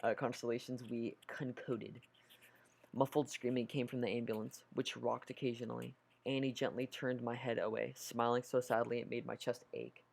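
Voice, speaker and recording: A man's voice: mid-range voice, flat delivery, moderate pace, gravelly, a little hiss or hum. A man reading a horror story aloud, nervous, stumbling over words and correcting himself. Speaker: story narrator.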